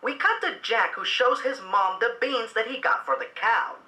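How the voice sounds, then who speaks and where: A man's voice: very high voice, normal speed, loud music behind the voice. A man reviewing a film in a sarcastic, exasperated, mocking way, narrating and commenting on scenes. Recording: echoey room with faint background noise.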